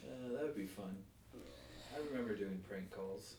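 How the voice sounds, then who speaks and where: A man co-hosting a casual podcast chat, playful and quick to laugh and joke. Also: fairly low pitch, warm tone. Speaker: podcast co-host. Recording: echoey room, distant from mic, faint noise.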